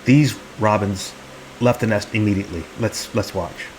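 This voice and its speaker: A man's voice: lowish voice, moderate pace, a little hiss or hum, rough recording. A man hosting a comedy video, narrating in a mock-serious, earnest tone and speaking for the birds he films. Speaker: channel host.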